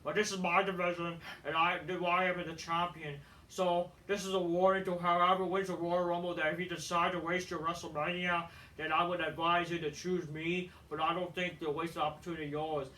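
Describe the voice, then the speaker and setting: A man's voice: sits high, flat delivery, a little fast, few pauses, pushed and bright, distant mic, poor audio. A man doing a boastful female wrestling champ. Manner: boastful, taunting.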